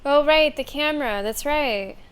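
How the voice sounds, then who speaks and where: A woman's voice: sits high, moderate pace. A young woman streaming a game, thinking aloud in casual, chatty commentary.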